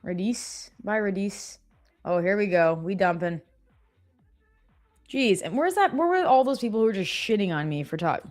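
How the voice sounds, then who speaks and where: A woman's voice: medium pitch, big pitch swings, moderate pace, long pauses, darkish tone, faint music behind. A woman co-hosting a live trading stream, chatting casually, laughing and cheering her trades on.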